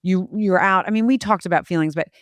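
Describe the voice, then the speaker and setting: A woman's voice: lowish voice, fast, no room sound, studio quality. A woman in her forties hosting a podcast, telling stories in a chatty way and acting out quotes with a laugh. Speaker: podcast host. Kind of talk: casual conversation.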